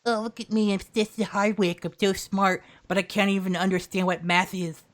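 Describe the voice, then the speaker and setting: A man's voice: sits high, little pitch movement, normal speed, a bit bright, pitched above the performer's own voice. Man mocking a smug know-it-all guy. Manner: sneering mocking parody. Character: smug self-proclaimed genius man, mocked.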